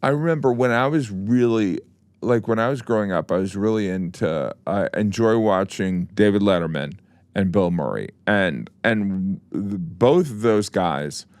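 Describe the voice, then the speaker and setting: A man's voice: fairly low pitch, expressive, moderate pace, a little mellow, no room sound. A man chatting as a podcast guest, rambling with many restarts and dry teasing. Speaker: guest comedian. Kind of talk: casual podcast chat.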